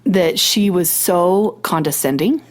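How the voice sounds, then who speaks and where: Animated woman host getting over a cold. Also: on the low side, takes it slowly. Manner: animated, self-mocking, tells anecdotes with quoted dialogue. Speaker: podcast host. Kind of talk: casual storytelling chat.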